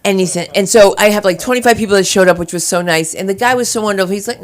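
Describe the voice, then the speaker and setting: A woman from New Jersey with a New Jersey accent, doing an open-mic stand-up set on a club stage, telling chatty stories and breaking into loud voiced impressions. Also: medium pitch, very fast. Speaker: stand-up comedian.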